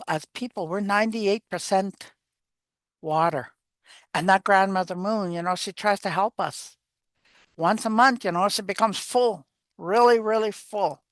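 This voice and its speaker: An older woman, an elder, gently teaching and telling stories in an unhurried way, repeating her phrases. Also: medium pitch, no echo. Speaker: elder and storyteller. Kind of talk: spoken teaching and storytelling.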